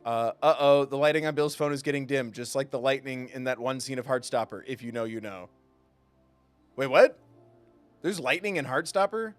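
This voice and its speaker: A man's voice: mid-range voice, animated, unhurried, pauses often, soft background music. A man streaming a video game live, chatting with his viewers in a playful, self-mocking way and laughing often. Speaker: gaming streamer. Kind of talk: casual live-stream commentary.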